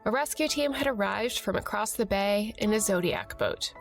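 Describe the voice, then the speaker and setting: A woman hosting a podcast, reading scripted narration in a calm, measured way. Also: mid-range voice, soft background music.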